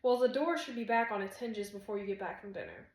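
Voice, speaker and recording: A woman's voice: medium pitch, fast talker, reverberant, close to an everyday voice. A woman reading the lines of a dry, easygoing young woman who repairs things around a castle, in an audiobook. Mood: calm. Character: skeptical young woman castle handywoman, calm.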